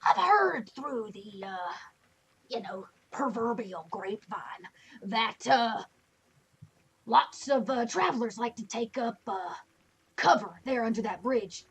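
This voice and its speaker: A woman's voice: a little high, animated, slow pace, breathy edge, full character voice. A woman voicing a crotchety, drunk old man on a cart who grumbles in a folksy drawl. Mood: rambling.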